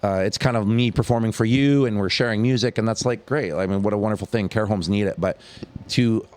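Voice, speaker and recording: A man with a low voice talks in a casual podcast interview. He is eager and keen, and he speaks in quick bursts, often saying 'like' and 'you know'. The sound is dry and close, with no room echo. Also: a little mellow. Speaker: charity founder and music teacher, guest.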